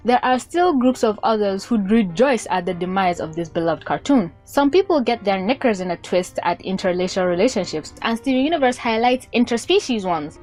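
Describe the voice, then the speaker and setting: Sarcastic woman commentator, slightly high voice. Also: darkish tone. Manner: sarcastic, swears freely. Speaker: YouTube commentator. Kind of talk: casual commentary vlog.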